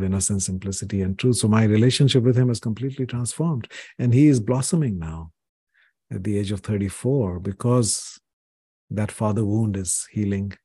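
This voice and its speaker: An older man from India speaks in a low, mellow voice with a slightly husky edge. He tells personal stories earnestly, with many "you know"s. The sound is close and dry. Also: dry recording. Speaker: podcast guest, author. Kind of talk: reflective interview conversation.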